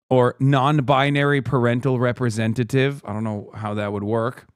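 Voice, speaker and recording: A man's voice: mid-range voice, moderate pace, few pauses, smooth, no room sound, clean studio sound. A man hosting a live stream, riffing sarcastically and with profanity as he reacts to a news clip.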